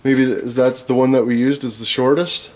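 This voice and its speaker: A man's voice: mid-range voice, level tone, moderate pace, heavy background noise. A young man vlogging while he works in a workshop, rambling, joking and swearing constantly. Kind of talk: profane casual chat while working.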